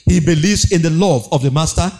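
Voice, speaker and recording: Man preaching, high voice, lots of repeats n sing-song questions. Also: a little fast, darkish tone. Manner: exhorting, rhetorical questions, repeats phrases, sing-song emphasis. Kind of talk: sermon.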